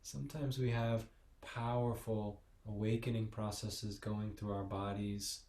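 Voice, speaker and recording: A man leading a restorative yoga class with slow, soothing, gently encouraging guidance and meditation cues. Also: fairly low pitch, level tone. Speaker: yoga teacher. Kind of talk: guided meditation and yoga instruction. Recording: echoey room.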